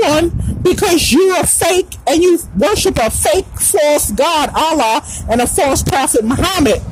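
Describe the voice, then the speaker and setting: A woman with a high, bright voice holds forth in a preachy podcast monologue. Her pitch swoops widely as she drives her points home, repeating phrases and drifting into snatches of song. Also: animated, a little slow, slight background noise, low-quality recording. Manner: emphatic, repeats lines, breaks into sung phrases. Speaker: podcast host.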